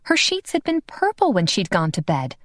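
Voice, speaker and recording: A woman narrating a paranormal romance audiobook in an expressive, lively reading. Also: medium pitch, normal speed, dry recording, clean studio sound. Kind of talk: scripted narration.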